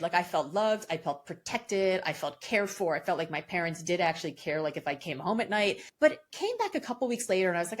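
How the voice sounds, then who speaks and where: A woman in her fifties, a podcast guest talking in a casual, animated way, laughing often and restarting sentences. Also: medium pitch. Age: 50s. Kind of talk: casual interview chat.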